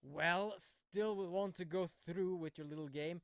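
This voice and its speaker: A man voicing an arrogant older prosecutor in a courtroom game, speaking in a slow, condescending drawl. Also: high voice, no room sound, clean studio sound. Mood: sneering. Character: arrogant older male prosecutor, cold and sneering.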